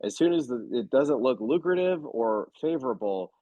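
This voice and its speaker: Man, husky voice, lively swooping pitch, blunt interview guest, dull dry recording. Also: moderate pace, dry recording. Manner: animated storyteller, emphatic and blunt. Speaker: real estate investor guest. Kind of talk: casual interview talk.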